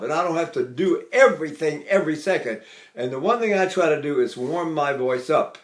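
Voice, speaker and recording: A man's voice: fairly high pitch, reverberant. An older man teaching a singing lesson, explaining technique and singing short phrases to demonstrate. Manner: explains, then sings short phrases to show. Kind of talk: vocal lesson with sung demonstrations.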